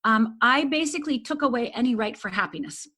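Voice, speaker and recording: A middle-aged woman from Upper Michigan, a life coach guest, telling a painful personal story earnestly and dropping to a hush at the hardest moments. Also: on the high side, lively intonation, a little fast. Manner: earnest, intense, often drops to a hush.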